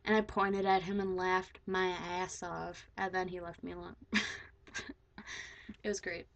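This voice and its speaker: A woman's voice: fairly low pitch, level tone, unhurried, gravelly, a bit bright, muffled recording, slight background noise. A teenage girl casually telling a story to the camera, rambling with lots of "like" and swearing freely. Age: teens. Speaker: vlogger.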